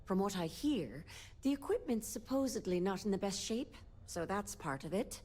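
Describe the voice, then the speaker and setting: A grumbling frontier doctor. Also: female voice, mid-range voice, very animated, normal speed, a little mellow. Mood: weary. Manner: ranting, exasperated, blunt. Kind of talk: video game dialogue.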